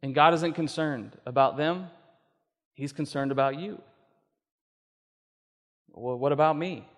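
A man's voice: a little high, unhurried. A male pastor preaching a sermon, acting out voices and building to emphatic peaks. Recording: long reverb of a hall.

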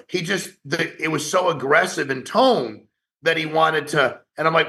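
A man who founded a company, giving a blunt, profane motivational talk to his sales agents in an online meeting, rapid-fire and challenging. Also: fairly high pitch, pushed and bright.

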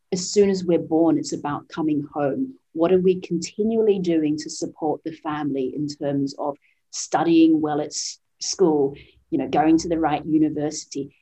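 A woman's voice: low-pitched, warm tone. A woman of Vietnamese heritage raised in the West, speaking earnestly and reflectively as a podcast guest, with frequent fillers and restarts. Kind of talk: conversational interview.

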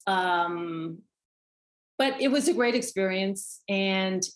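A woman's voice: medium pitch, animated, slow pace. A woman guest in an interview, talking thoughtfully about her work as an actor. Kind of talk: conversational interview.

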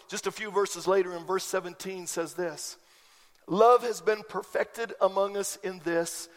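A pastor delivers an animated sermon in a notably high voice. He drives his points home with emphatic, rising bursts. The recording carries the long reverb of a large church sanctuary.

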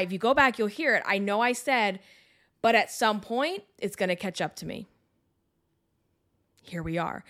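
A woman's voice: medium pitch, a bit bright. A woman in her thirties hosting a podcast, venting frankly and with profanity straight to her listeners. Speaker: podcast host. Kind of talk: venting solo podcast talk.

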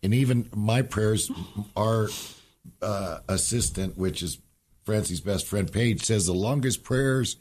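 A man's voice: fairly low pitch, slow, darkish tone. A man as a podcast guest, telling rambling, emotional stories in a folksy, casual way. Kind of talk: casual storytelling chat.

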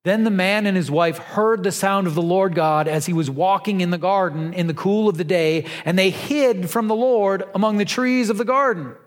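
A man preaching a sermon, telling the story with lively, pleading emphasis. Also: high-pitched, normal speed, few pauses. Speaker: pastor. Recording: long reverb of a large hall.

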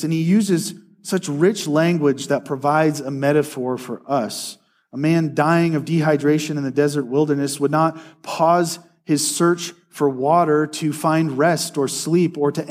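An earnest man delivers a sermon, his voice sitting a little higher than most men's. He speaks with steady conviction. He slows down to read scripture aloud. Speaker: preacher.

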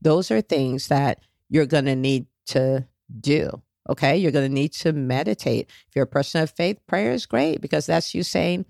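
Woman podcast host, motivational coaching talk, gravelly fry, dry close sound. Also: low-pitched, moderate pace, few pauses, a little mellow, dry recording. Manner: coaching, direct, frequent "okay?" check-ins; faith-based encouragement.

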